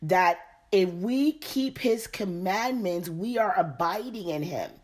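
A woman's voice: on the low side, expressive, slow pace, a little mellow. A woman leading a Bible study, reading verses aloud and then repeating and explaining them. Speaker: Bible teacher.

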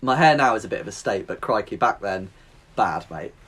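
Chatty English man, slightly low voice. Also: expressive, brisk, a bit bright, slightly rough. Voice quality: sometimes sounds a bit nasal, like he has a cold. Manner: chatty, says "mate" constantly, self-mocking. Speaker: podcast guest. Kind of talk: casual storytelling chat.

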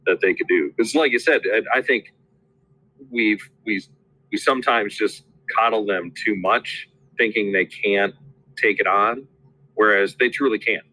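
A man's voice: fairly low pitch, unhurried, bright, forceful tone, poor audio. A man from South Dakota, a teacher, chatting casually with many fillers and restarts. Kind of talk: casual chat.

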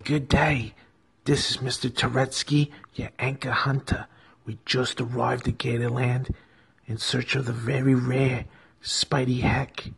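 A man voicing a hushed nature-documentary host who stalks a rare creature in mock-serious whispers. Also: mid-range voice, level tone, measured pace, creaky, husky, full character voice. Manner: whispered wildlife-show narration, mock serious.

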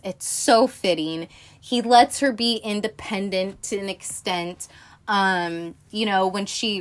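A woman talks through a film review in a relaxed, conversational way. Her voice sits at a middling pitch, and she peppers her talk with swearing, fillers and quick asides. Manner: chatty and profane, lots of fillers and asides. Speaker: film podcaster. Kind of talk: casual film review chat.

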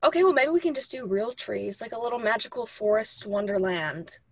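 Lively, dry-sounding young woman co-host. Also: a little high, brisk, no echo. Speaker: podcast co-host. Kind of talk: casual podcast chat.

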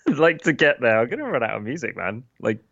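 Co-host guy, low gravelly voice, laid back, kinda dull dry recording. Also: big pitch swings, moderate pace, a bit bright, dry recording. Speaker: podcast co-host. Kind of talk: casual chat.

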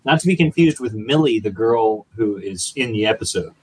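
A man with a low voice chats as a podcast guest. He starts and restarts his sentences and drifts into goofy tangents, with faint room noise behind him. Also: lively intonation, normal speed, low-quality recording. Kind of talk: casual podcast chat.

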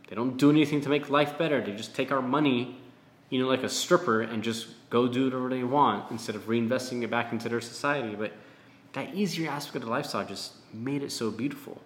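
A man's voice: mid-range voice, echoey room. A man talking straight to camera in a frustrated, ranting monologue, often repeating words and swearing. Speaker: vlogger.

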